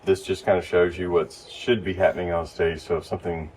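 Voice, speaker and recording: A man with a very low voice gives casual, step-by-step training to church volunteers. He is recorded from a distance, and faint noise hangs behind him. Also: a little fast. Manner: relaxed, explains step by step. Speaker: lighting instructor.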